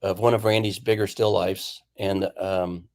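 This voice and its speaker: Male painter guest, lowish voice, chatty and animated anecdote teller. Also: a little slow. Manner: animated storyteller who acts out quoted lines. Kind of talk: casual storytelling chat.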